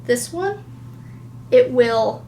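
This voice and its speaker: A woman's voice: a little high, animated, extremely slow, dark tone, a little hiss or hum. A woman hosting a knitting podcast, chatting casually and gushing, with lots of fillers. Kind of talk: casual chat.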